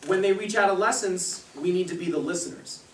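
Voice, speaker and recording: A man's voice: sits high, fairly quick. A young man presenting a parenting seminar to a live audience, telling stories, laughing often and acting out the people he quotes. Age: young adult. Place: meeting room with a live audience. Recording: echoey room, distant mic, faint hiss.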